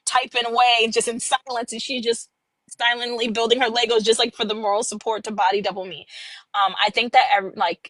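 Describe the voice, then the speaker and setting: A woman in her thirties, an author chatting in a podcast interview, who tells lively stories, laughs often and acts out quotes. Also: on the high side, no echo, rough recording. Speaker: author guest.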